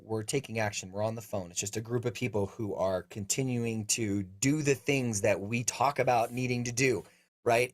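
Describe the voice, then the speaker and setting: A man co-hosting a live Q&A over a video call, upbeat and joking, announcing schedules and encouraging viewers. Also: mid-range voice. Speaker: co-host of live Q&A. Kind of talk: casual live-stream chat.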